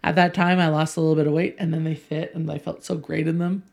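A woman sits in on a relaxed podcast chat. Her voice sits on the low side with a gravelly fry running through it. She rambles through stories and breaks into laughter often. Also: fast. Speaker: podcast co-host. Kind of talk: casual chat.

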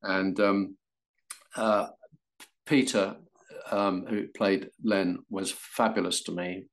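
An older English man, an actor guest, telling animated stories about his career and acting out quoted voices with frequent laughs. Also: sits low, takes it slowly. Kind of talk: anecdotal interview.

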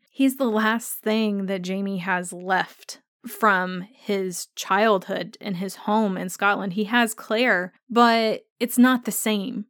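Her mid-range voice is recorded at studio quality with no echo. As host of a fan podcast, she casually talks through a favorite episode, enthusiastic and gushing, speeding up in rushes.

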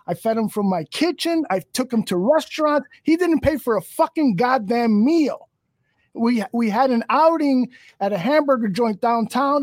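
A man's voice: extremely high pitch, dry recording. A man hosting a podcast, ranting angrily and profanely with many restarts. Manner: angry, profane, rambling with restarts. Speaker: podcast host. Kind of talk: heated podcast rant.

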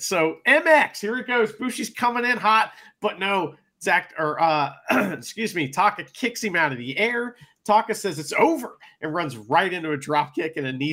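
Male co-host, bright and animated, swears freely, casual recap delivery. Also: sits high. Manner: excitable, swears a lot, plays out wrestlers' shouts. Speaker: podcast co-host. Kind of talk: casual match recap chat.

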